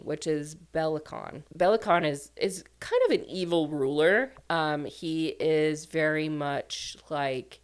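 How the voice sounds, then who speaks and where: A woman's voice: deep voice, takes it slowly, few pauses, smooth. A woman casually recapping a book plot as a reviewer, chatty and full of "like" and "um" fillers. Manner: chatty, filler-heavy, lots of "like" and "um".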